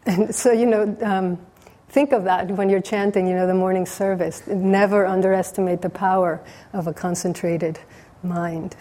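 Mellow-voiced woman giving a dharma talk. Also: mid-range voice, fairly even intonation, normal speed. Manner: storytelling, hesitant with restarts. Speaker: dharma teacher.

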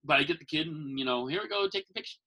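A professional Santa and magician rattles off rambling, casual stories in a slightly high, bright, forceful voice, acting out whoever he quotes. He speaks rapid-fire, and the audio is poor.

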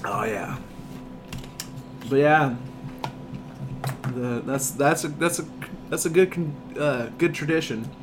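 A man's voice: a little high, slow, pauses often, music in the background. A young man in casual chat as a podcast co-host, rambling and stumbling over his words, laughing often. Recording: noisy room.

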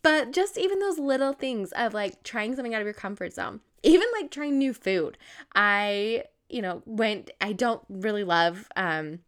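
A woman's voice: mid-range voice, animated, moderate pace. A young woman vlogging in a casual talk to camera, bubbly and chatty, laughing often and using lots of fillers.

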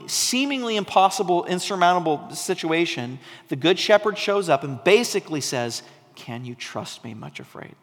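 Gravelly male preacher in a large hall. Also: fairly high pitch. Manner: animated storytelling, dropping to soft intensity. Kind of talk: sermon. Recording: long hall reverb.

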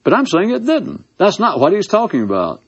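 Husky man musing aloud, lively and sarcastic, with a theatrical delivery; dull lo-fi audio. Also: high voice, fairly quick. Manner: sarcastic, theatrical, swooping emphasis. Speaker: speaker giving a monologue. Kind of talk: casual philosophical monologue.

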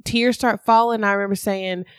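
A woman tells a personal story in a candid, animated way. Her voice sits at an ordinary middle pitch. The sound is dry and close, with no room echo. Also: normal speed, smooth. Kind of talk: casual chat.

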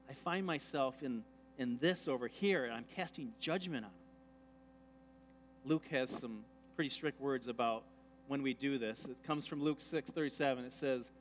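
A man's voice: mid-range voice, moderate pace, a bit bright, slight background noise. A man preaching a sermon in a church, conversational and jokey, acting out the voices of the people he quotes. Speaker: pastor. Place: church sanctuary.

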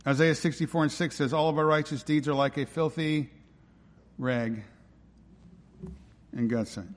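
A male pastor preaches with emphatic force, stacking rhetorical questions and repeated lines. His voice sits a little high for a man. It rings out with the long reverb of a large church hall. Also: steady tone, moderate pace. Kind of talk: sermon.

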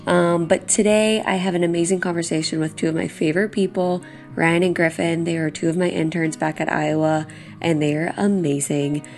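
A woman's voice: lowish voice, steady tone, brisk, a little mellow, soft background music. A young woman hosting a casual podcast, chatty, laughing often and saying "like" a lot. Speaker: podcast host.

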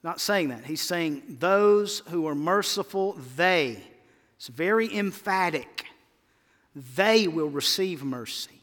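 High, bright-voiced preaching man. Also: lively intonation, takes it slowly. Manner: emphatic, calls for congregation responses. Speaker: pastor. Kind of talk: sermon. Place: church sanctuary. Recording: long hall reverb.

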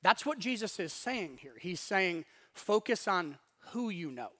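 A man preaching a sermon in a conversational way, acting out inner voices, with wide swings in loudness. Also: high voice, big pitch swings, a little slow. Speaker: pastor.

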